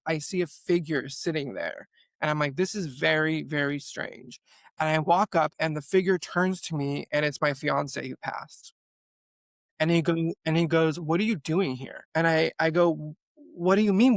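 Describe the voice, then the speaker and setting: A young man telling a personal story as a podcast guest, animated and full of "like" fillers. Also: a little high, no echo. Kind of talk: storytelling in an interview.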